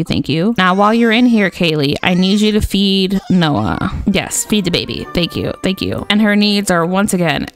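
A young woman casually commenting on her game, chatty and exasperated, talking to her characters. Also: lowish voice. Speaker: gaming channel host.

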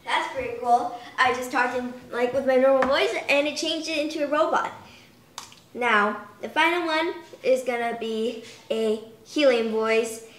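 A young woman with a high, unhurried, slightly bright voice shows off a toy in a chatty home video with a roomy sound. Her casual demo strings thoughts together with plenty of fillers.

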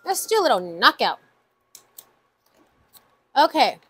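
A woman talking to her viewers in a casual budgeting vlog, her voice sitting a little high. She takes her time, counting numbers aloud in an unhurried way and breaking into frequent exclamations. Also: very animated, bright, forceful tone, husky, no echo, rough recording. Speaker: budgeting channel host. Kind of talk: casual savings-challenge vlog.

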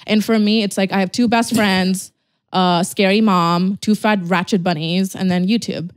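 A woman's voice: mid-range voice, fairly even intonation, no room sound. Twenties woman podcast host rambling with her friend, swears a lot, dry close sound. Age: 20s. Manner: chatty, swearing, quick asides and laughs. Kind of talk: casual chat.

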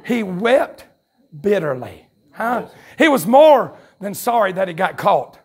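A Southern man preaching at a campmeeting, his voice pitched high and gravelly with a husky edge. He swings from fiery shouts into quick, folksy asides to the congregation. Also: sing-song. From North Carolina, USA. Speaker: pastor. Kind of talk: revival sermon. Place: church sanctuary at a campmeeting. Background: congregation calling out responses.

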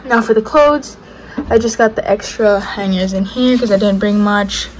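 A woman's voice: medium pitch, moderate pace, slight background noise, poor audio. A young woman vlogger casually narrating a tour of her dorm room, listing her things in an offhand way. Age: young adult. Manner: listing items in a relaxed, offhand way.

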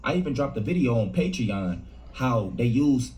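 A man's voice: mid-range voice, animated, normal speed, dark tone. A man hosting a casual commentary video, mocking and conspiratorial in tone. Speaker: host.

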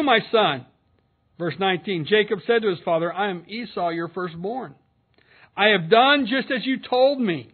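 Male pastor, earnest expository sermon, high-pitched, thin telephone-line quality. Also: animated, moderate pace. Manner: earnest, reads scripture aloud and comments between verses. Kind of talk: expository sermon with scripture reading. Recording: narrow phone-like sound.

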